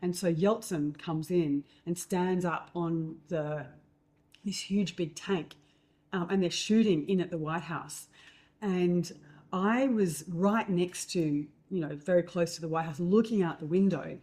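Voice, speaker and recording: A woman telling stories in a casual chat, lively and acting out other people's lines. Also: measured pace. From Australia. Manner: animated storyteller, acts out quotes in a higher voice. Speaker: host.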